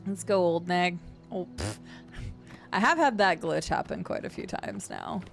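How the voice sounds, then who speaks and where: A woman's voice: fairly low pitch, wildly swooping pitch, measured pace, creaky. A woman streamer giving casual, playful commentary while she plays a video game, chatting to viewers and humming sing-song filler noises. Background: game music.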